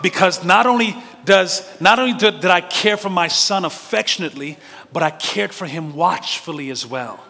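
A man's voice: high-pitched, moderate pace, creaky, pushed and bright, big-room sound. A male pastor preaching a sermon, telling stories animatedly with laughs and direct questions to the congregation. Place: church sanctuary.

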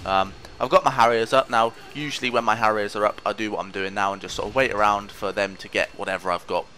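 A man's voice: lowish voice, steady tone, quick pace, bright, forceful tone. A man giving casual commentary over his own gameplay, rambling, mocking himself and trash-talking opponents. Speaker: gaming commentator.

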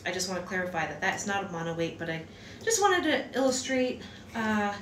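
A woman's voice: medium pitch, sing-song, brisk, a bit bright, far from the mic, slight background noise. A woman giving a casual lettering lesson at home, rambling and chatty with lots of fillers and restarts. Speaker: hand-lettering teacher. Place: room at home. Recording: echoey room, voice from off-mic.

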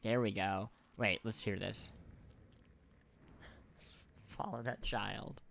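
A man's voice: on the low side, fairly even intonation, slow, vocal fry, a bit bright, slight background noise. A man casually chatting and joking while playing a video game, sometimes reading game lines aloud. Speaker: game show host. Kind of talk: casual gameplay chat.

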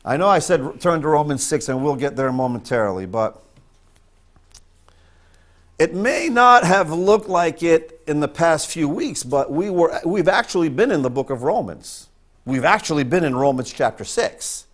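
A man from northern Maine preaching a sermon as pastor, emphatic and repeating his points for stress. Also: on the high side.

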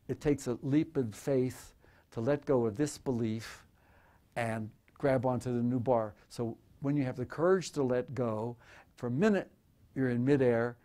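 An older man in his eighties talks to a live museum audience. He rambles, jokes irreverently and restarts his sentences often, with a voice at an ordinary middle pitch. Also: mellow. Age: 80s. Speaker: photographer speaking at a museum talk. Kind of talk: live talk with audience questions.

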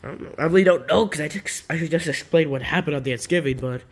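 A man's voice: on the high side, fast, husky. A man voicing a laid-back male frost bear who tells a story in a rambling, self-interrupting way. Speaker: storyteller and creator. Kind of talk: fan-made character story.

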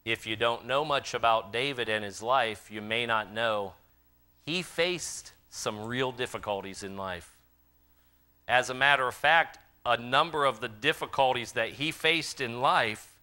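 A man preaching a sermon in a church, swinging from loud impassioned calls to quiet, earnest appeals. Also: medium pitch, a little slow, clean tone. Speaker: pastor. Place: church sanctuary.

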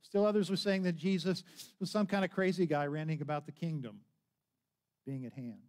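A man's voice: on the high side, fairly even intonation, a little fast, darkish tone. A man preaching a sermon as pastor, telling a story conversationally, with frequent restarts and acted-out quotes.

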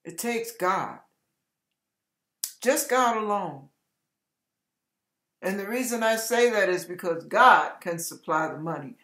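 A hoarse woman preaches an encouraging devotional message at an unhurried pace, leaning into each repeated exhortation. Her tone is bright and forceful despite the roughness in her throat. The recording sounds echoey, as if made in a bare room. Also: mid-range voice, expressive. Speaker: online ministry preacher.

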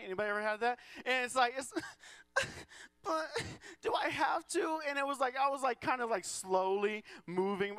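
High-voiced joking pastor, bright and clear. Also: male voice, no echo. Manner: joking, self-deprecating, acts out quoted voices. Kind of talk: sermon with humorous stories. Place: church auditorium.

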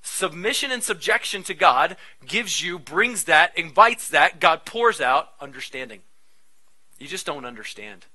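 A male pastor delivers a sermon in a loose, conversational style. His voice sits a little high and rings very bright. He keeps it animated, with quick asides to his listeners. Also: rough recording.

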